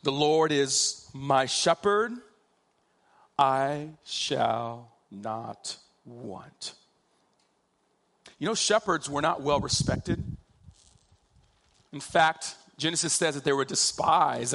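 Male preacher, fairly high voice, slow deliberate delivery, emphatic sermon style. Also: fairly bright tone. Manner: slow, emphatic preaching, drawing out key phrases.

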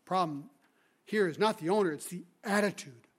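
A man preaching a sermon as a guest speaker, retelling the story with lively energy and asking the congregation rhetorical questions. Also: high-pitched, moderate pace, breathy edge. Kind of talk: expository sermon.

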